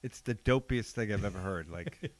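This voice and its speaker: A man with a lowish voice hosts a loose podcast conversation. He tells stories bluntly, with plenty of casual swearing. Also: moderate pace, dry recording. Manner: blunt, animated storyteller who swears freely. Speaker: podcast host, jiu-jitsu black belt.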